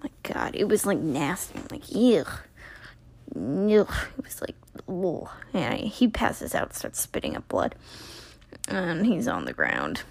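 Chatty young woman with lively gravelly voice. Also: low voice, a little slow. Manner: chatty and rambling, full of "like", acts out characters' lines. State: tired. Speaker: recapper. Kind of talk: casual episode recap.

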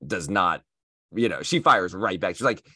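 A man with a notably deep, low voice tells a story on a podcast with lively, self-mocking energy. The sound is dry and close to the mic. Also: normal speed, dry recording. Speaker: podcast co-host. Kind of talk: casual podcast chat.

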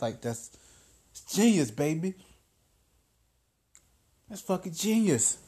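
A man hosting a podcast, telling stories in a casual monologue, profane and excitable, full of slang. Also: a little high. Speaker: podcast host.

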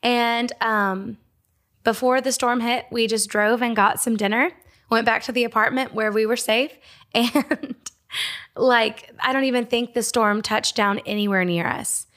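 A young woman from Georgia, giving a casual devotional talk with fillers and small laughs. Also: fairly high pitch. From Georgia, USA. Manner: casual, warm storytelling with fillers and little laughs. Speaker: speaker at a Christian ministry. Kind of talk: devotional teaching.

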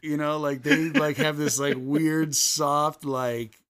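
A man's voice: a little high, fairly even intonation, slow, a bit bright, smooth. A man with a Chicago accent co-hosting a podcast, telling rambling stories full of fillers and restarts. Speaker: podcast co-host. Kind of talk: casual chat.

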